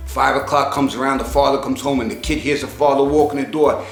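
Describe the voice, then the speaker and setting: Animated man telling jokes, roomy sound. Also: mid-range voice, brisk, hardly any pauses, soft background music. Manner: animated, acts out each character's lines. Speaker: joke teller.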